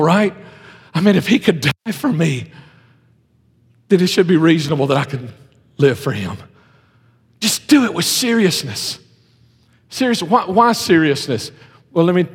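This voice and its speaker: A man preaching a sermon to his congregation, emphatic, swinging between loud pleas and hushed earnest lines. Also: high-pitched, husky. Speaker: pastor. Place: church service in a civic center. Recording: long hall reverb.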